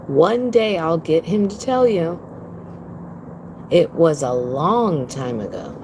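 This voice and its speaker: Against a noisy background, a woman with a low voice livestreams from home on her phone. She tells her viewers a story bluntly, profanely and emphatically, calling them "girl."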